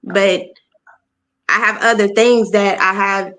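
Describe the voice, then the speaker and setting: A woman's voice: medium pitch, steady tone, slow, a bit bright. Earnest woman sharing faith experiences. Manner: earnest, reflective, leans on "you know what I'm saying". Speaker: discussion participant. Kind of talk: casual religious discussion.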